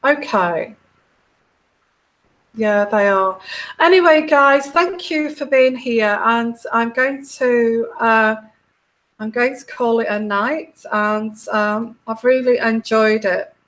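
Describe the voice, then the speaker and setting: A woman's voice: a little high, slow pace, fairly bright tone, poor audio. A middle-aged woman with a British accent hosting a casual tarot livestream, chatting and reading out viewer comments in a meandering, hesitant way full of fillers.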